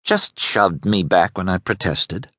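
A man's voice: low voice, unhurried, a bit bright, no room sound, clean studio sound. A man voicing a determined young noblewoman in an audiobook, urgent and pleading. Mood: indignant. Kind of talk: audiobook character voice.

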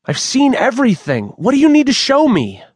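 A man's voice: on the high side, lively intonation, very slow, breathy edge, dry recording, clean studio sound, voice pushed up, exaggerated voice. A man voicing a panicked teenage boy who is trapped in his car, pleading and out of breath. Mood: frightened.

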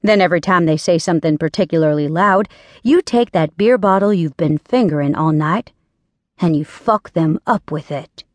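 A woman voicing a flat, blunt ex-cop man. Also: on the low side, moderate pace, no room sound, lightly acted. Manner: flat, clipped, unemotional. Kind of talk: audiobook narration.

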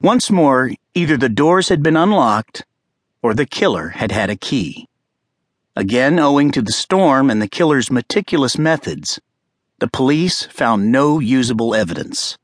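A male narrator reads a crime thriller audiobook in a steady, grave storytelling voice. His mid-range pitch moves expressively from line to line. The studio sound is dry and close, with no room around it. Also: a little slow, dry recording. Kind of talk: scripted narration.

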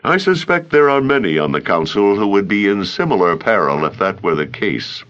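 A man voicing a calm, dignified older male councilman in an audiobook, speaking deliberately. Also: lowish voice, dull audio.

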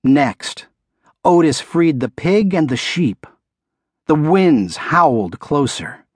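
A man narrating a children's picture book, telling it expressively and sinking his voice low for the menacing parts. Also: slow, no echo, studio quality. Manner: expressive storytelling, dropping low for the bull's menace. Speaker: audiobook narrator.

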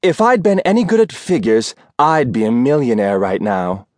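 A man's voice: medium pitch, big pitch swings, moderate pace, a little mellow, dry recording, studio quality, lightly acted. A man voicing a faded former film star, an older woman who is grand, theatrical and fond of drink. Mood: grandiose. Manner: haughty and theatrical.

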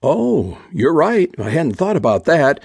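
A man voicing a polite, hesitant young blonde woman in an audiobook, his voice lifted higher for her. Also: sing-song, measured pace, vocal fry, darkish tone, slightly rough, dry recording, clean studio sound, heavily acted. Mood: uncertain. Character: young blonde woman, torn between two suitors.

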